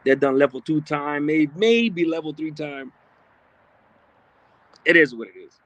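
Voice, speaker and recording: A man's voice: on the high side, a little slow, fairly bright tone, no echo. A man hosting a livestream, reading viewer comments aloud in a blunt, streetwise, casual way with frequent profanity. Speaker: livestream host.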